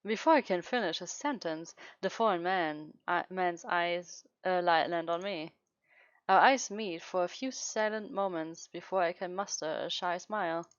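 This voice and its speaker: A woman's voice: fairly low pitch, normal speed, no room sound, highs cut off. A woman streaming a romance game, reading the story aloud and chatting casually with frequent giggles and self-interruptions. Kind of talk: casual let's-play commentary and read-aloud.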